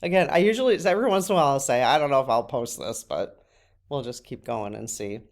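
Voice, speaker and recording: A woman's voice: very deep voice, expressive, fast talker. A middle-aged woman talking casually to camera in a personal vlog, often emotional and close to tears. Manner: tearful, breaks off to cry. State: crying at times. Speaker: channel host.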